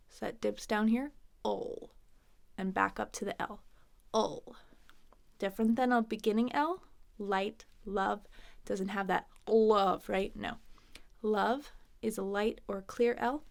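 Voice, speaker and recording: An American woman teaching English pronunciation, repeating words slowly and carefully, with playful, chatty asides. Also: mid-range voice, vocal fry. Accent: General American. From United States. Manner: repeats words slowly, exaggerating mouth positions. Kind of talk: slow, deliberate pronunciation lesson.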